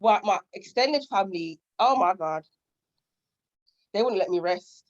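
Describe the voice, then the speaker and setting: A woman's voice: mid-range voice, lively intonation, measured pace, highs cut off. A woman guest telling candid stories from her life, acting out what relatives said. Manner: candid, storytelling, acts out relatives' lines. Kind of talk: casual interview chat.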